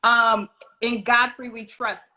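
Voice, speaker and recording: A woman's voice: on the high side, level tone, takes it slowly, pushed and bright. A woman hosting an interview, affirming her guest often, laughing along and asking loose, rambling questions. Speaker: interview host. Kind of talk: casual interview chat.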